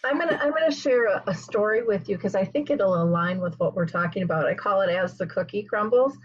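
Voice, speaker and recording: A woman's voice: mid-range voice, fairly quick, husky, highs cut off. A woman host telling a story in a casual interview, acting out the quotes as she goes. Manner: lively storyteller who acts out quotes.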